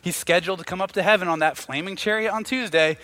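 A man's voice: sits high, fast talker, sharp tone. A man voicing a fatherly divine figure in a casual, offhand manner. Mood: breezy.

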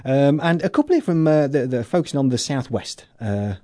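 A man's voice: medium pitch, very animated, brisk, dark tone, dry recording, studio quality. A man from England hosting a local podcast, chatting in a jokey, rambling way with lots of fillers. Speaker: podcast host. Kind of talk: casual chat.

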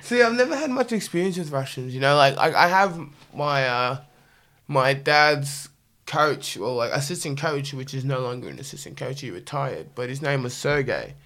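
A man in casual chat, talking in an animated, excitable way with lots of laughter. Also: mid-range voice, normal speed.

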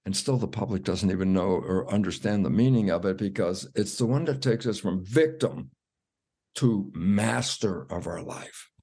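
An older man, a cell biologist guest, telling a story with animated, acted-out quotes and laughter. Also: low-pitched, moderate pace, creaky, breathy edge. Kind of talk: storytelling in an interview.

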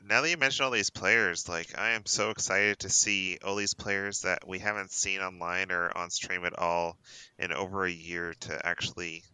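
A man's voice: sits low, steady tone, moderate pace, pushed and bright, clear, resonant tone, dry recording, rough recording. A man from Canada, hosting a podcast in eager, chatty casual talk. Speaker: podcast host.

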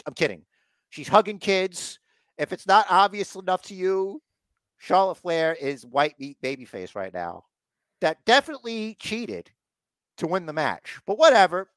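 Animated man recapping wrestling. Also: high voice, moderate pace, no echo. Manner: acts out wrestlers' lines in mock voices. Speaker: podcast co-host. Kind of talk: casual wrestling recap chat.

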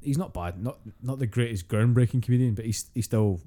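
A man's voice: mid-range voice, fairly quick, dark tone. A young Scottish man co-hosting a podcast, chatting casually, swearing freely and telling stories with acted-out quotes. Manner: sweary, storytelling, acts out quotes. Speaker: podcast co-host. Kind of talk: casual chat.

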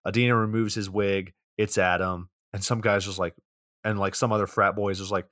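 A man's voice: fairly low pitch, flat delivery, brisk, a bit bright, dry recording, clean studio sound. A young man casually recapping a movie's plot on a podcast, rambling along with plenty of fillers. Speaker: podcast co-host.

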